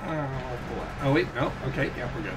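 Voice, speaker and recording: A young man giving excitable casual commentary while playing a video game, yelping and laughing as he goes. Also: medium pitch, moderate pace, a crowd in the background. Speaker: gaming channel host. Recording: background game music.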